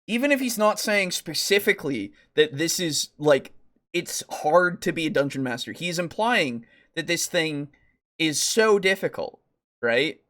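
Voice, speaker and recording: A podcast co-host in a casual tabletop-gaming talk show, worked up and exasperated, swearing often. The voice leaps up and down in pitch as the frustration spills out. Comments and quotes get read aloud between the outbursts. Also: expressive, a little slow, fairly bright tone.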